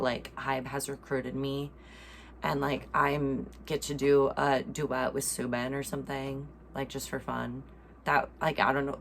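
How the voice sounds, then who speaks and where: A woman's voice: low-pitched, creaky, a little hiss or hum. A young American woman hosting a casual reaction chat, talking in a playful, gushing way full of fillers. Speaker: host.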